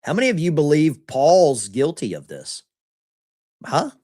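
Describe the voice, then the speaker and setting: A man hosts a live stream and comments on the news in a mocking, casual way, talking straight to the viewers in his chat. His pitch moves a lot as he talks, and the sound is dry and close. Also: wildly swooping pitch, a little slow, darkish tone, dry recording.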